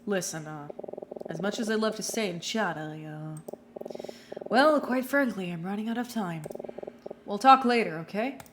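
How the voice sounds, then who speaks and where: A woman's voice: medium pitch, normal speed, pauses often, background noise, lightly acted. A woman with a cold voicing a male police detective who hesitates and deflects questions. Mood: evasive. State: has a cold.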